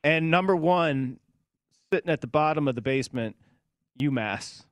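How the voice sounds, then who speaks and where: A man hosting a sports betting talk show, upbeat, bantering quickly with his co-hosts. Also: a little high, no echo, clean studio sound.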